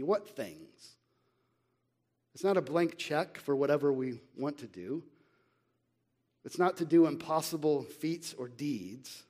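A middle-aged man preaching a sermon as pastor, earnest and conversational, asking rhetorical questions and reading scripture slowly and with emphasis. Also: mid-range voice, animated, darkish tone.

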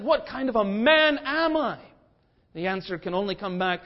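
A pastor preaching a sermon, shifting between hushed passages and forceful declarations. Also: male voice, high voice, very animated, moderate pace. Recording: dull lo-fi sermon recording.

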